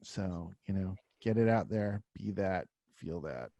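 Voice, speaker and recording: A man's voice: deep voice, a little slow, muffled recording, background noise. A man co-hosting a music podcast, chatting loosely with many fillers and restarts. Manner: loose, rambling, lots of fillers. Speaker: podcast co-host. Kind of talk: casual podcast chat.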